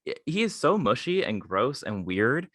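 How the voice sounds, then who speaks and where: A man's voice: mid-range voice, sing-song, moderate pace, a bit bright, no room sound, studio quality. A man co-hosting a podcast in casual chat, rambling with stammered restarts and plenty of fillers. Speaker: podcast co-host.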